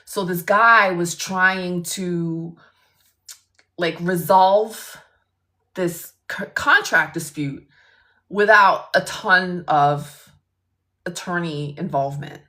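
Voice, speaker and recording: A woman's voice: on the low side, slow, pauses often, bright, forceful tone. A woman attorney telling a story casually on a livestream, blunt and profane, speaking into a phone.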